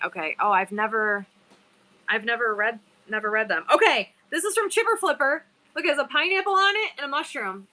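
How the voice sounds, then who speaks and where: A woman's voice: fairly high pitch, sharp tone. A woman hosting a casual live-selling stream, chatting with viewers and reading their bios aloud. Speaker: live-stream seller host. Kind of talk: casual livestream chat.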